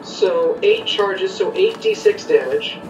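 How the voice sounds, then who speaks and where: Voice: medium pitch, huge pitch swings, slow, highs cut off, noisy background. A player in a tabletop game, hesitant, with many fillers, reading out rules for an attack. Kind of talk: casual tabletop game play. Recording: roomy distant mic with music behind.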